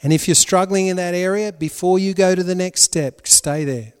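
A male pastor preaching a sermon, swinging between loud emphatic lines and hushed, prayerful ones. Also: high-pitched, moderate pace, clean tone, in a large hall.

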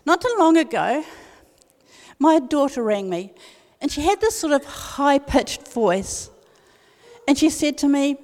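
This is an older woman, speaking high in her range. She tells humorous stories with lively, animated delivery. Her voice carries a long reverb, as if filling a large hall. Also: takes it slowly, pauses often. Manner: lively, animated anecdote teller. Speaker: guest speaker. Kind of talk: humorous storytelling talk.

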